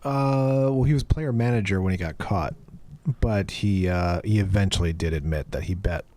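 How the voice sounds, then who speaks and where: A man's voice: low-pitched, normal speed, warm tone. A man co-hosting a podcast, chiming in with brief, matter-of-fact remarks in casual chat. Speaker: podcast co-host.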